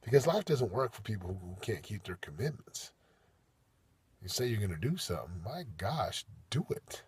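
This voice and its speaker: A man giving a motivational monologue as a coach, emphatic and preachy, with big swings in loudness. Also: fairly low pitch, sing-song, moderate pace, a little hiss or hum.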